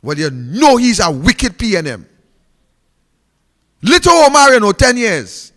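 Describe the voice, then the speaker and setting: A man's voice: high-pitched, very animated, a little slow, fairly bright tone, in a large hall. A Trinidadian man giving a fiery, mocking political speech, repeating phrases for emphasis.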